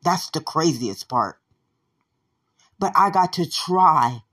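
Low husky woman ranting and cursing. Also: expressive, slow pace. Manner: swears constantly, repeats phrases, swings from shouting to low mutters. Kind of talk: angry profane monologue.

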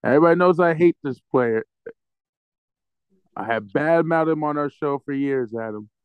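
A man's voice: on the high side, normal speed, clean tone, dry recording. A man co-hosting a sports podcast, ranting angrily and profanely with comic threats. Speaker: podcast co-host. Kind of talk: casual sports podcast rant. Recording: dull lo-fi, dry sound.

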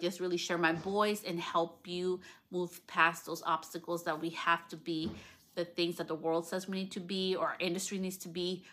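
A woman in her thirties hosting a solo podcast, talking candidly, swearing freely, her voice jumping higher when she gets excited. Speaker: podcast host. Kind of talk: casual solo podcast monologue. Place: lounge at home.

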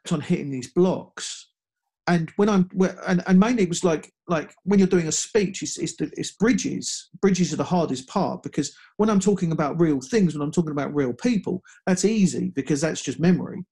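A man telling a personal story in casual conversation, halting with frequent restarts and fillers. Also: fairly high pitch, animated, warm tone. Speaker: guest speaker.

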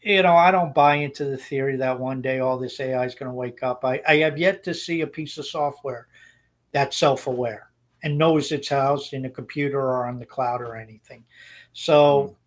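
A man's voice: medium pitch, fairly even intonation, moderate pace. A man co-hosting a podcast, giving blunt opinions in casual chat and rambling with frequent restarts. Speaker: podcast co-host.

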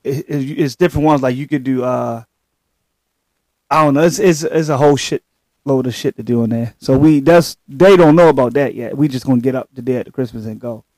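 A middle-aged man in casual chat with friends, telling stories in a relaxed way and laughing often. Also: mid-range voice, brisk, no room sound. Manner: laid-back storyteller, laughs often, trails off.

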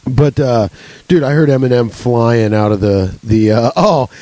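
A young man hosts a solo comedy podcast, rambling from one joke to the next with plenty of swearing. His voice is warm and mellow at a middle pitch. The sound is dry and close. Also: unhurried, no echo, rough recording. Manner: rambling, swearing, laughing, jokey. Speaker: podcast host.

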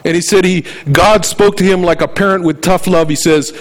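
An older man preaches in an earnest, storytelling way, moving from scripture into personal anecdotes. His voice sits somewhat high for a man. A long reverb trails his words. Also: steady tone, normal speed. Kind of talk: sermon.

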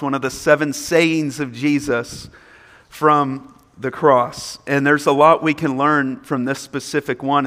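A man's voice: a little high, a bit bright. Earnest male pastor in echoing hall. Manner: earnest, emphatic preaching with repeated points. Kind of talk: sermon. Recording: long hall reverb.

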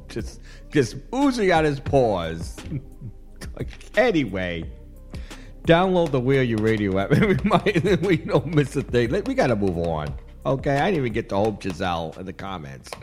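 Playful radio host man, lively pitch. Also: unhurried, soft background music. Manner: playful, laughing often, rambling asides. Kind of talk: casual radio chat.

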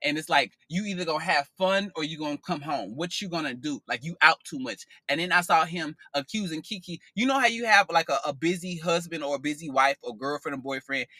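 A man with a fairly high, bright and forceful voice gives a casual tarot reading. He is sassy and expressive and swears freely. The sound is dry and close, with no room around it. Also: no room sound. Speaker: tarot reader.

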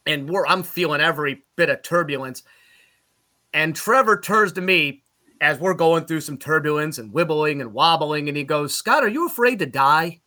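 Bright, animated male storyteller. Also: on the high side, normal speed. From Utica, New York. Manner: animated storyteller, rising loud for punchlines. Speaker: play-by-play broadcaster, podcast guest. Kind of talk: casual storytelling chat.

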